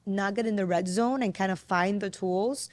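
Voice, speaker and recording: A woman podcast host telling a family story in a casual conversation, getting animated as she quotes her child. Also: medium pitch, moderate pace, no room sound. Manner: storytelling, animated when quoting her son.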